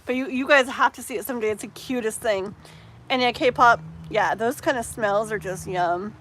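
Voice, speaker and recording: A woman in her thirties reading tarot on a live stream, chatting to viewers in a rambling, animated way. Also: on the high side, moderate pace, a little hiss or hum, poor audio. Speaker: tarot reader.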